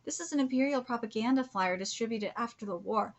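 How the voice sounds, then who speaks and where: A woman streaming a live manga reaction, gushing, cursing freely and often dropping into breathy whispers. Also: on the high side, fast talker. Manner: gushing, swears a lot, drops into whispers.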